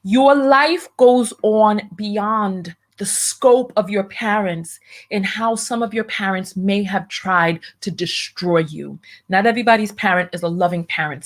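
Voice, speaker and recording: A middle-aged woman hosting a commentary stream, with a voice pitched in the ordinary middle range. She speaks bluntly and with emphasis, often repeating a word or short phrase to drive it home. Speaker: host of a commentary channel. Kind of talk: livestream commentary, reading viewer donations.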